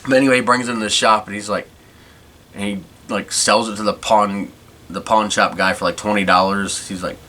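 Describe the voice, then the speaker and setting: A man's voice: fairly low pitch, fairly even intonation, a little fast, bright, forceful tone. A man hosting a podcast, chatting casually and rambling as he goes. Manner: rambling, many restarts. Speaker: podcast host. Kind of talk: casual chat.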